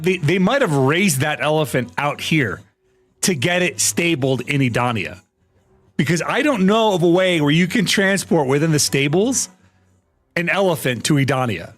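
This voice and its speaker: A man's voice: fairly high pitch, animated, moderate pace. A man streaming a game live, chatting casually with his viewers, rambling with many fillers and restarts. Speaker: gaming streamer.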